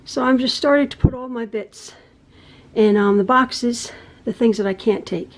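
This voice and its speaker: A middle-aged woman talks in a casual, rambling vlog style as she walks through her home. Her voice sits a little higher than most women's. She slips in soft sighs and small laughs as she goes. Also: normal speed. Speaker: quilting channel host. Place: home, indoors.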